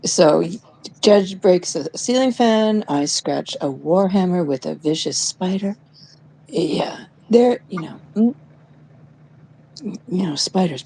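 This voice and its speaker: A woman's voice: lowish voice, lively intonation, unhurried, darkish tone, slight background noise. A woman co-hosting a casual chat show, rambling and joking, often dropping to a near whisper. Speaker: co-host.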